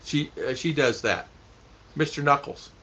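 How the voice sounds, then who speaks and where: On a casual livestream, a man reads out chat comments and talks with viewers, rambling, repeating himself and laughing frequently. His fairly high voice is bright and forceful at a measured pace, with a little hiss or hum in the dull lo-fi audio.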